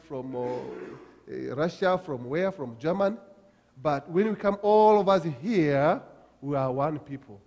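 A man from Africa preaching a sermon as pastor, with halting restarts and emphatic repetitions. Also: medium pitch, darkish tone, breathy edge. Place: church sanctuary. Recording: long church hall reverb.

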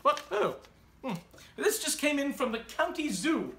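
A man's voice: very high voice, very animated, unhurried, gravelly, fairly bright tone, exaggerated voice. A man playing a prim, haughty grande dame who hosts a theatre show, with an affected, pompous manner. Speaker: read-aloud host. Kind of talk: comic theatrical host persona. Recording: roomy echo.

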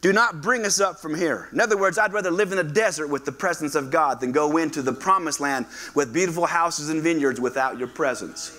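Animated pastor with a bright voice. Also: male voice, a little high, a little fast, hardly any pauses. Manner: animated, acts out quoted voices, asks the congregation to respond. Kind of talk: sermon. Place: church sanctuary.

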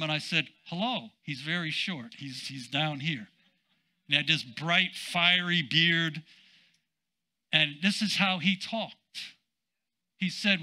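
An older man, a senior pastor, preaching a sermon in an emphatic, drawn-out way with casual asides. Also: on the high side, bright, forceful tone, low-quality recording.

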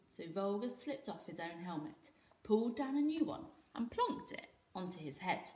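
A British woman teacher reading a children's story aloud in an expressive, lively way. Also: medium pitch, roomy sound. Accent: British English. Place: school room.

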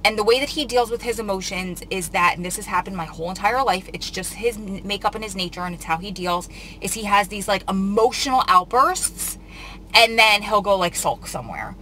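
A young woman vlogger with a mid-range voice tells her viewers a long, rambling story, on the verge of tears as she confides in them. Her delivery is brisk and pushed bright with lively intonation, and the low-quality recording carries slight background noise.

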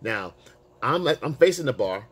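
A male dating coach telling a story to camera in a casual, animated way, swearing freely and using street slang. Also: medium pitch, unhurried, slightly rough.

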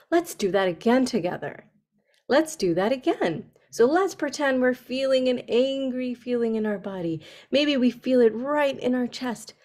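A woman telling a story to children on a video call, speaking gently and asking them questions. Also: on the high side. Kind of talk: interactive story session for kids.

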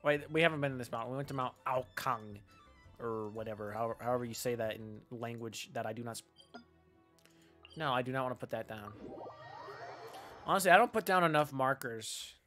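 A man's voice: medium pitch, brisk, long pauses, a bit bright, faint music behind. A man streaming a game, giving sarcastic, ranting, joking commentary. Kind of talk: gameplay commentary.

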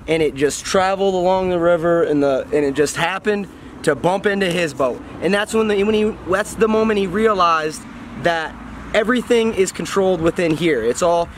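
Animated man telling motivational stories. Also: high voice, a little hiss or hum. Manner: animated storytelling, acts out voices. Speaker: host and storyteller. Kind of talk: casual motivational chat. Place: outdoors by a road.

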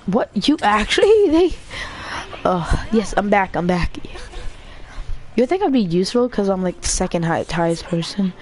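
A woman giving casual commentary while playing a video game, excitable, often squealing and laughing at the screen. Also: mid-range voice, moderate pace. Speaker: gamer.

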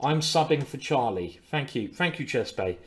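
A man's voice: medium pitch, lively intonation, normal speed. A man coaching chess on a live stream in a chatty, playful way, often repeating his words. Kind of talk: casual live-stream commentary.

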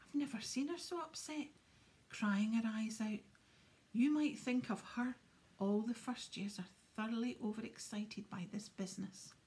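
A woman's voice: high voice, normal speed, a little mellow, voice pushed up. A woman voicing a stiff, pompous teenage prefect who scolds fiercely. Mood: stern scolding.

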